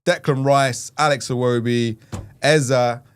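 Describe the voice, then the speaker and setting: A man's voice: medium pitch, steady tone, measured pace, clean tone. Laid-back man hosting a live stream. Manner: laughs often, reads out chat comments. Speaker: livestream host. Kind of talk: casual football chat.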